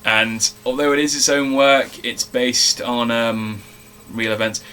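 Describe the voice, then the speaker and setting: A man's voice: medium pitch, unhurried, slight background noise. Chatty sweary man reviewing films. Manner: chatty, swears freely, animated storytelling. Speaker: film review co-host. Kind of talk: casual chat.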